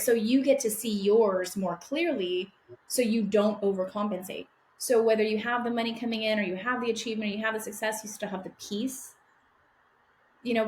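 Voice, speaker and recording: A woman coach answering interview questions, explaining her approach in a steady way. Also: medium pitch, roomy sound, slight background noise. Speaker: guest coach.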